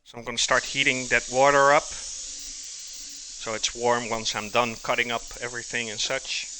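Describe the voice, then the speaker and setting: A man's voice: medium pitch, little pitch movement, measured pace, background noise. A man hosting a live cooking stream, chatting casually with his viewers, joking, laughing often and answering their messages while he cooks in his kitchen. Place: home kitchen.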